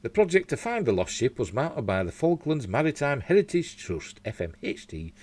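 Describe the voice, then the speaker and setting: A news show host with a Yorkshire accent chats casually from his home, reading out articles with meandering asides and slips. His medium-pitched, darkish voice is sing-song at a normal speed.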